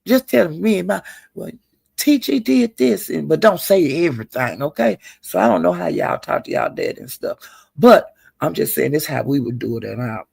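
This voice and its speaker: A middle-aged woman telling gossip in a chatty, salty way, calling listeners honey and girl and jumping her pitch up high when she quotes people. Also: fairly quick, creaky, breathy edge, no room sound. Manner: animated, jumps her pitch up high when quoting others. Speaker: online commentator. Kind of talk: casual gossip storytelling.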